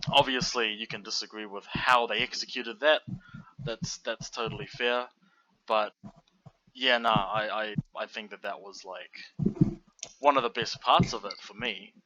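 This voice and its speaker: Lively bright-voiced man, lo-fi chat. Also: unhurried, a little hiss or hum. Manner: loose and animated, many fillers, jumps high when mocking. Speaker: podcast co-host. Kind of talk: casual chat about films. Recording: dull lo-fi audio.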